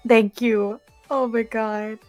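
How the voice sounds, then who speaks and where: A woman's voice: on the high side, steady tone, slow, darkish tone, soft background music. A woman guest on a stream, talking casually, laughing and swearing. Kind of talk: casual chat.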